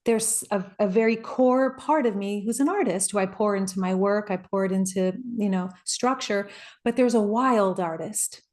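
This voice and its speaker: A woman life coach giving a reflective, earnest motivational talk, personal in tone, with soft laughs along the way. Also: mid-range voice, moderate pace.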